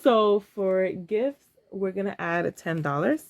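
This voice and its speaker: A woman's voice: mid-range voice, animated, slow pace, dry recording, highs cut off. A woman in her thirties, talking casually and emotionally to camera while counting cash aloud. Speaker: vlogger.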